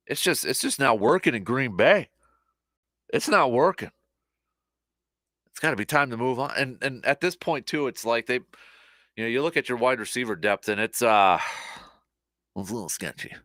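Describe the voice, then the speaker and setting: A man's voice: mid-range voice, dry recording. Male sports talk host, casual rambling commentary, mid-range voice, dry close sound, tired after little sleep. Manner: rambling, animated, frequent fillers and restarts. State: short on sleep.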